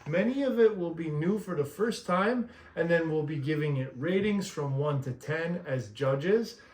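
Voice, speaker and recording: A man's voice: fairly high pitch, lively intonation, moderate pace, a little mellow, distant mic. A man hosting a casual family vlog, playful and teasing as he chats with his relatives. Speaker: vlog host. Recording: echoey room, faint background noise.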